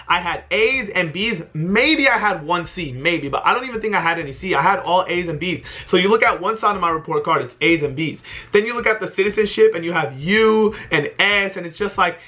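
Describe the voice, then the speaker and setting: A young man telling a casual storytime vlog, animated and exasperated, with frequent swearing. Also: sits high. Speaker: vlogger.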